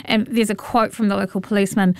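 A New Zealand woman chatting as a radio guest in a studio, wry and joking with quick asides. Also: medium pitch, flat delivery, darkish tone, no room sound. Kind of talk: casual radio chat.

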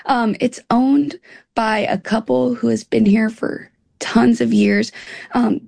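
A woman's voice: on the high side, steady tone, slow pace, vocal fry, darkish tone, dry recording. A woman from Louisiana, an interview guest in casual chat, upbeat and fond of saying y'all.

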